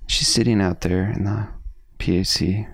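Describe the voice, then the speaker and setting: Middle-aged male co-host, deep and gravelly, laid-back and joking, dry close mic. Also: fairly even intonation, moderate pace, no echo. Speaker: podcast co-host. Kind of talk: casual reminiscing chat.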